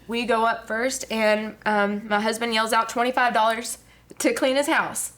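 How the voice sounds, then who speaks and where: A woman's voice: fairly high pitch, steady tone, a little slow, few pauses, a bit bright. A woman, a guest giving an earnest personal testimony with many fillers. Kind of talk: personal testimony on a talk show.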